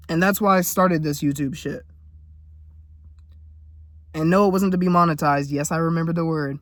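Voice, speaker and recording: A young man vents in a casual, profane rant, blunt and worked up. His voice sits high for a man. The recording is dry and close, with no room sound. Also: steady tone, moderate pace, long pauses, a bit bright, no room sound. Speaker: vlogger. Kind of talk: casual venting monologue.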